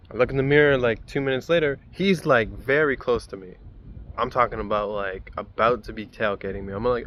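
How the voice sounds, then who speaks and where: Young guy telling a wild story, swears a lot, mid pitch, faint background hiss. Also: a little fast, highs cut off. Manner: animated, profane, rambling storytelling. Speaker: vlogger. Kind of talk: casual story time.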